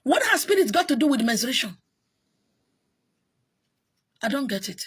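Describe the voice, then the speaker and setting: A woman's voice: high voice, very animated, normal speed, husky. A woman with a Nigerian accent, a spiritual teacher talking in an exasperated, emphatic monologue that keeps circling back on itself. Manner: exasperated, emphatic, repeats herself. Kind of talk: casual monologue.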